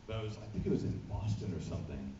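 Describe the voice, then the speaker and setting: A man, a voice actor, telling an animated anecdote at a convention panel, acting out voices, recorded from far off. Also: low voice, racing, crowd noise. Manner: animated storyteller, acts out voices. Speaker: voice actor guest. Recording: echoey hall, distant muffled mic, noisy. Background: audience laughter, room noise.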